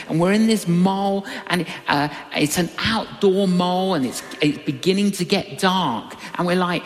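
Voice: medium pitch, normal speed. An older preacher giving a sermon and telling personal stories, acting out the people in the stories. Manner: animated, acts out quoted voices. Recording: long reverberant hall.

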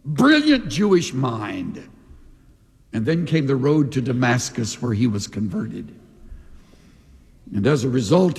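A male pastor preaching a sermon in an animated way, often acting out the voices of the people he quotes. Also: mid-range voice, creaky, husky. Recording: long reverb of a large hall.

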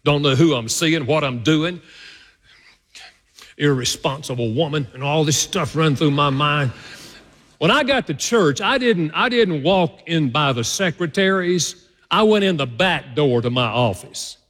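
Male pastor, sermon, animated and varied delivery, long hall reverb. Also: fairly high pitch, measured pace. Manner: animated, swings between loud and hushed delivery. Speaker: preacher. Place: church sanctuary.

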